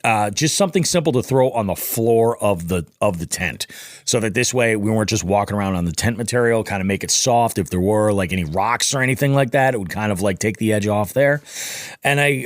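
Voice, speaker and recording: Lively low-voiced man telling a story. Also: a little fast, no room sound, clean studio sound. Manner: animated, profane, acts out quoted dialogue. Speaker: podcast guest. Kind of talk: casual storytelling.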